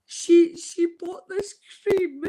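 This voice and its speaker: A Scottish woman from Scotland telling an emotional personal story, halting and tearful. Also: high-pitched, low-quality recording.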